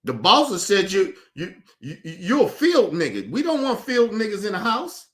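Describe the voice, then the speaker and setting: A man's voice: high-pitched, huge pitch swings, normal speed, a bit bright. A man streaming his reaction to a clip, ranting in incredulous, profane commentary.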